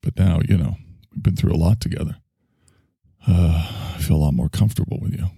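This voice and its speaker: A man's voice: low-pitched, brisk, vocal fry, dark tone, slightly rough, no echo, clean studio sound. A man hosting a casual solo chat show, rambling with sarcastic asides and sighs. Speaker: host.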